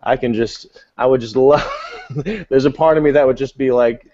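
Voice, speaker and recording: A loud, enthusiastic man chatting energetically in a casual online group discussion. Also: medium pitch, steady tone, normal speed. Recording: lo-fi online call audio.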